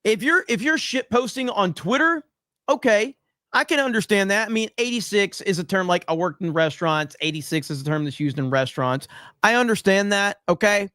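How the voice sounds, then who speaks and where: A man's voice: sits high, lively intonation, fairly quick, pushed and bright, no room sound, clean studio sound. Heated, profane male podcast host. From USA. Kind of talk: casual political commentary.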